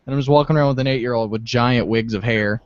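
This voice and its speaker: In a casual podcast chat, a young male co-host tells lively stories and laughs frequently. He talks fast and smoothly; there's no room sound, but the audio is dull and low-fi.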